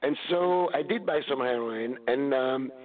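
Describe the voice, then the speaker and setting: A man from France with a French accent, a bit hoarse from a blown-out voice, chatting in a relaxed, rambling way as a guest author. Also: mid-range voice, unhurried. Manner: relaxed, rambling, laughs often. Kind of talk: casual interview chat. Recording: tinny phone line.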